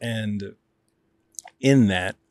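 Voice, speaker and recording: Lively New man telling stories. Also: fairly low pitch, extremely slow, no echo, clean studio sound. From New York. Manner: lively, acts out quotes. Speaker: guest, actor. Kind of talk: animated storytelling.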